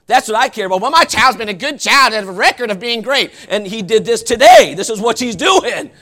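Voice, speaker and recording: A man preaching a fervent sermon with folksy asides, often rising to shouts. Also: very high voice, sing-song, fairly quick. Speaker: pastor.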